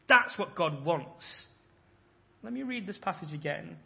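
A man's voice: a little high, lively intonation, unhurried, vocal fry. A man in his thirties preaching a sermon, emphatic and acting out imagined voices as he makes his points. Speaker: pastor. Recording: dull lo-fi sound.

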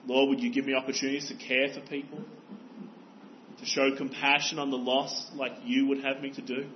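An earnest male pastor delivers a sermon in a mid-pitched voice, urging his listeners on with pointed rhetorical questions. The recording is dull and slightly muffled, with faint room ambience behind him. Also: little pitch movement, normal speed, pauses often, slight background noise.

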